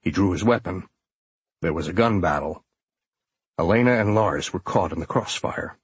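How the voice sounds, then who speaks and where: A man voicing a somber male agent supervisor who speaks in a subdued, hesitant, husky voice. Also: low voice, normal speed. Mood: grave.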